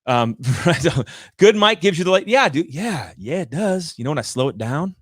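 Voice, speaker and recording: A man's voice: on the high side, big pitch swings, normal speed, dry recording. A man hosting a live show, giving direct, emphatic coaching talk with points repeated for effect, in a room with large windows on a studio microphone.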